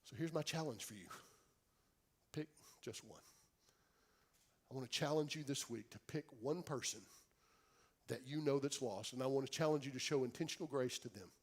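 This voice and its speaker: A young adult man, a pastor, preaching a sermon in an earnest, pleading way, dropping to soft quiet tones for emphasis. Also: mid-range voice, normal speed, long pauses.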